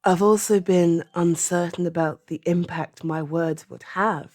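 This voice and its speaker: Low, slow-spoken British woman in her thirties. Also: steady tone, dry recording, clean studio sound. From Britain. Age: 30s. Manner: soft-spoken, halting, often trailing into a whisper. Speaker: audio creator. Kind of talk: personal opinion monologue.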